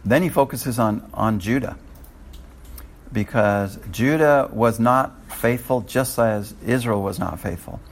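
A man's voice: mid-range voice, unhurried. An older man teaching a Bible study in a conversational way, often restarting his sentences.

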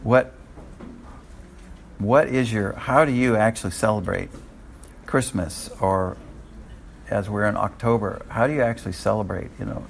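A man's voice: fairly low pitch, a little slow, gravelly, long pauses, a little hiss or hum. An older man teaching a Bible study in a conversational way, often restarting his sentences.

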